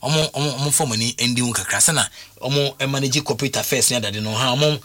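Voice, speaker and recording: A man giving animated talk radio commentary, often asking "you understand?". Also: medium pitch, racing. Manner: animated, code-switching, repeats "you understand?".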